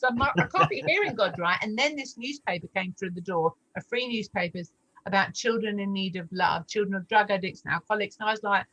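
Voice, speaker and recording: An animated woman in her forties tells her story and acts out every voice in it, leaping up high for the quoted lines. Her voice sits at an ordinary middle pitch, and she speaks in casual testimony style. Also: fast, slight background noise, low-quality recording. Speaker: guest sharing testimony.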